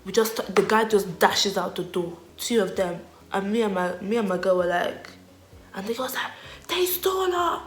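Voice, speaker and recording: Animated young woman telling a story. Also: medium pitch, roomy sound. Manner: animated, laughing, slangy storytelling. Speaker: vlogger. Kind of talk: storytime vlog.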